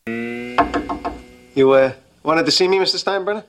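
A man's voice: mid-range voice, animated, takes it slowly, over music. An actor playing a nervous, eager-to-please male employee in a sitcom, stammering before his boss. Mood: flustered. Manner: stammering, flustered. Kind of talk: sitcom acting. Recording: TV clip with loud clicks.

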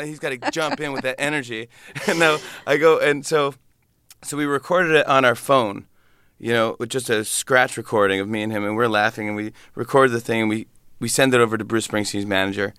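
A man, a comedian, telling a lively story in an interview and acting out other people's voices. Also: mid-range voice, a little fast, smooth, no room sound, studio quality. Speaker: comedian guest.

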